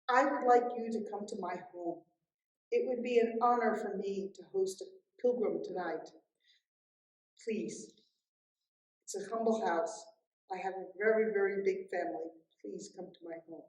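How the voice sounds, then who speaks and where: Calm gracious secretary lady, as a woman storyteller puts her on, soft and welcoming, roomy echo around her. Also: mid-range voice, unhurried, long pauses, lightly acted.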